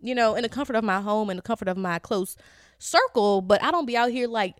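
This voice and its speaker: A woman's voice: on the high side, brisk, no echo, studio quality. A young woman co-hosting a podcast, chatting candidly with frequent fillers and laughs. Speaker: podcast co-host. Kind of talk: casual chat.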